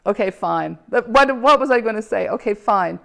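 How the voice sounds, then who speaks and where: Woman, gravelly, animated storyteller who plays out the dialogue. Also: on the high side, moderate pace. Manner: animated, acts out quoted dialogue, frequent laughs. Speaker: speaker telling her own story. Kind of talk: casual personal storytelling.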